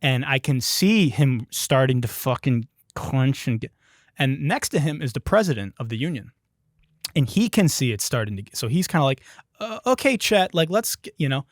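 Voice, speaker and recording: A man's voice: medium pitch, expressive, normal speed, no echo, clean studio sound. A man from Detroit hosting a podcast, telling a story in a profane, emphatic way. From Detroit, United States. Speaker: podcast host. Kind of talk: comedic storytelling.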